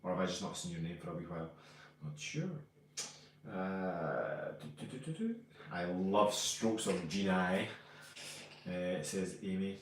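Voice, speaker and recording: A Scottish man with a slightly low voice hosts a relaxed live chat. He reads out viewers' names and greets each of them in a friendly, rambling way. His voice sits a bit back from the mic, and a strong room echo hangs around it. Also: unhurried, far from the mic, a little hiss or hum. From Scotland. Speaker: co-host of a live stream. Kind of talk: casual live-stream chat reading comments.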